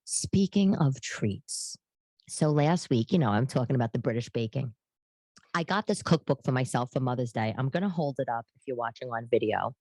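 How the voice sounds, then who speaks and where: Low-voiced chatty New woman host. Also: animated, warm tone, no echo. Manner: chatty, rambling with tangents and quick voiced asides. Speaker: podcast host and comedian. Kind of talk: casual chat.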